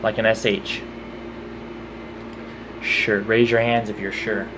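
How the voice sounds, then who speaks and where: This Texas vlogger, Texan accent and all, reads a word list slowly and chats casually about how he pronounces each one. He speaks in a fairly low, level voice over background noise.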